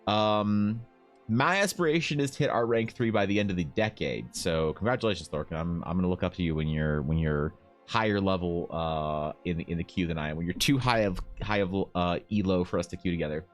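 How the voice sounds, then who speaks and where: A man talks briskly over soft background music, sketching on a live stream and answering his viewers' messages. His casual chat is full of jokes and teasing, with plenty of movement in his pitch.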